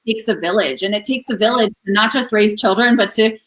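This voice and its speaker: A woman in her thirties co-hosting a casual talk, telling her story openly with lively acted-out quotes. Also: medium pitch, quick pace, poor audio. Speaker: podcast co-host. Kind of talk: casual chat.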